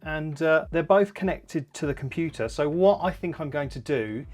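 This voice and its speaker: A man's voice: on the high side, animated, normal speed, darkish tone. A man hosting a casual gear review vlog who rambles along with plenty of fillers and restarts. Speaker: tech reviewer.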